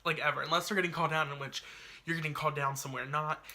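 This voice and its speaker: A man's voice: a little high, steady tone, racing, bright, forceful tone. A man telling a personal story on his vlog in a chatty, dramatic way, full of "like" and asides. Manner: chatty, dramatic retelling peppered with "like". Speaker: YouTuber.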